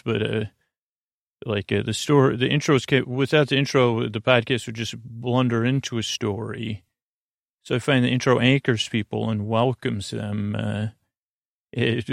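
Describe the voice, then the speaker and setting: A man with a gravelly voice rambles through listener reviews on his sleep podcast, halting and restarting often. The recording is dry and close. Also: medium pitch, no echo. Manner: meandering, halting, many fillers and restarts.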